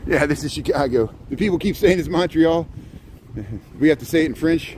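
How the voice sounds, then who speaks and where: A man's voice: on the high side, a little fast, a little mellow, low-quality recording. A man casually chatting while walking outdoors on a cold, windy street, rambling and answering viewers as he goes. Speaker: vlogger giving a city walking tour. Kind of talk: casual walking livestream chat.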